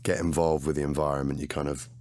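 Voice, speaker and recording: An English man, a podcast guest, chatting casually in a raspy, hoarse voice. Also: a bass voice, little pitch movement, fast, a little mellow, no echo. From England. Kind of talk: casual chat.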